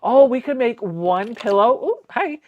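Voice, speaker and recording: A woman's voice: on the high side, animated, measured pace, lo-fi sound. Chatty woman hosting a sewing stream. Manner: chatty, reads viewer comments aloud and answers them, laughs often. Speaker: quilting livestream host. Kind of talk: casual livestream chat while sewing.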